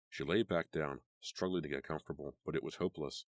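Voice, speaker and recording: Very deep-voiced male audiobook narrator. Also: fairly even intonation, fast, no room sound, studio quality. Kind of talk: scripted narration.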